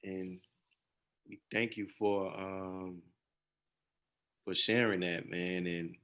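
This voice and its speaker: A man hosting an interview, responding in an affirming, unhurried way. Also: deep voice, fairly even intonation, fairly bright tone. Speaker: host. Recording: dull lo-fi sound.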